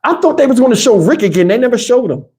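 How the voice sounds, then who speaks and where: A man's voice: very high voice, sing-song, racing, darkish tone. A middle-aged man with a Southern US drawl holds a casual live chat. He rambles loosely, laughs a lot and jumps into lines from old movies. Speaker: livestream host.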